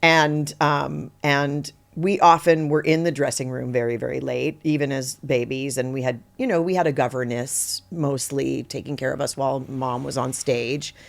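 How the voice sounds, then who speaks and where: A middle-aged woman, an actor guest on a podcast, telling stories in a lively, conversational way and acting out the quotes in them. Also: rumbling low, moderate pace, creaky, hardly any pauses. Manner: animated, acts out quotes in her story, laughs easily. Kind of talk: conversational interview storytelling.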